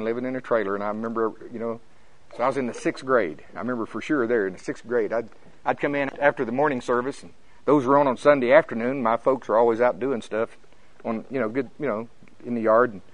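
An older man from Oklahoma preaching a sermon as pastor, fervent and storytelling, his voice climbing high when he gets excited. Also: low-quality recording.

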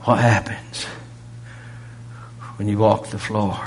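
A man preaching a sermon, pressing rhetorical questions and swinging from loud emphasis to a near-whisper. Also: mid-range voice, measured pace, slight background noise.

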